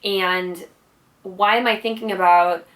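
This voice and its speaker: A woman's voice: medium pitch, fairly even intonation, takes it slowly, a bit bright. A woman vlogger telling a personal story in a casual, rambling way, full of "like" and "you know". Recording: voice slightly distant from mic.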